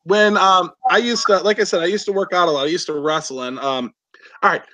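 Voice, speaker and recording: A man's voice: sits high, a little fast, sharp tone, a little hiss or hum, poor audio. A man talking as a guest in a casual chat, laughing easily and boasting candidly.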